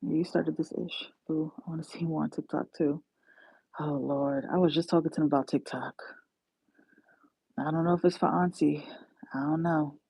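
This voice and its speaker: Gravelly-voiced New woman chatting. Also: deep voice, darkish tone, dry recording. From New York. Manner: chatty, slangy, self-mocking, laughs often. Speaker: travel nursing aide, livestream host. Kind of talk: casual livestream chat. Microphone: phone. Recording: dull lo-fi phone audio.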